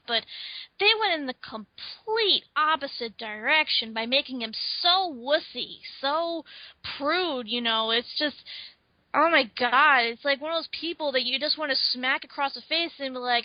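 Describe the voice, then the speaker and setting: A woman's voice: sits high, moderate pace, no room sound. A woman co-hosting a casual film review chat, emphatic and exasperated, full of fillers. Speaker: co-host. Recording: dull, dry lo-fi sound.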